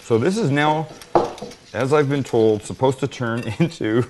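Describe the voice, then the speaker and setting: A man's voice: medium pitch, a little slow, background noise. A middle-aged man hosting a casual cooking demonstration in his home kitchen, joking at his own expense while he works. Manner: joking, self-deprecating, talks while working. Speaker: cooking show host.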